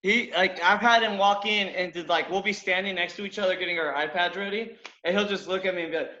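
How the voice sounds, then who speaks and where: A man's voice: high voice, fairly even intonation, bright, forceful tone. A young man co-hosting a casual podcast chat, rambling and swearing as he tells work stories. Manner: rambling, swearing, quick to jump in and correct. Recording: echoey, muffled room sound.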